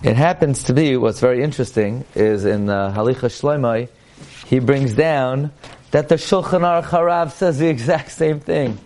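Male Torah teacher, lively lecture delivery. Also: mid-range voice, normal speed. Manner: animated lecturing, mixing English with Hebrew and Yiddish-accented quotes.

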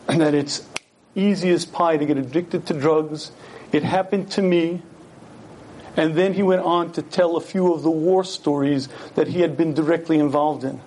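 A man with a high voice delivers an earnest Torah lecture, weaving a story into his teaching. He keeps turning to his listeners with rhetorical questions. There is a faint hiss under his voice. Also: a little mellow.

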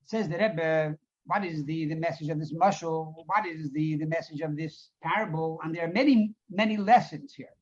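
Rabbi translating and explaining, lo-fi. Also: male voice, on the high side, normal speed. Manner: reads Hebrew phrases, then translates and elaborates; storytelling, repeats words for emphasis. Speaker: rabbi teacher. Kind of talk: Torah class on a Hasidic discourse. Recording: dull lo-fi recording.

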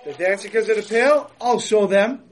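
A man's voice: high-pitched, normal speed, lightly acted. A man voicing an angry male prison guard with a barking, threatening manner in a retold story.

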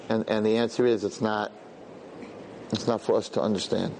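A man teaching a religious lesson, telling personal stories in an animated, conversational way and acting out the dialogue. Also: on the low side, moderate pace, gravelly, pauses often, slight background noise.

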